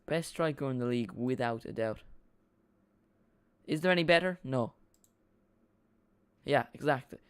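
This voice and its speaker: A man's voice: mid-range voice, measured pace, long pauses, clean tone. A man streaming a live watch-along, chatting casually in a rambling way, repeating himself and reacting to the play.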